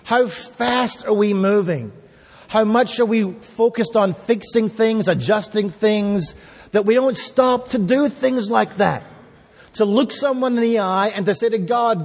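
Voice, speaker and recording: High-voiced man preaching in a hall. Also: lively intonation, a little slow, darkish tone. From raised by a Scottish mother. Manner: earnest, emphatic preaching with rhetorical questions. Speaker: pastor. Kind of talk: sermon. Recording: long hall reverb.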